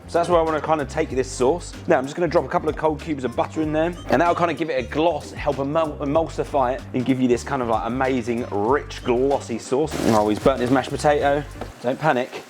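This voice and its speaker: A man's voice: medium pitch, fairly quick. Chatty man cooking, music behind. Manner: chatty, enthusiastic, slangy. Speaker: cooking show host. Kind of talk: casual cooking demonstration.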